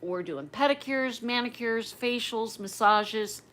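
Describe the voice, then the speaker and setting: A woman's voice: on the high side, unhurried, fairly bright tone, rough recording. Chatty middle-aged woman hosting a livestream. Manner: chatty and rambling, addresses viewers directly. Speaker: livestream host. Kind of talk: casual livestream chat.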